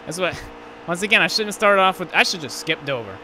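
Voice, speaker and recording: A man gives live commentary over a racing game and vents his frustration in a steady stream of profanity. His voice sits a little higher than most men's. Loud engine roar from the game runs under everything he says. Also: fast talker. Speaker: gaming channel host. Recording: race car engine noise behind. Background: racing game engine sounds.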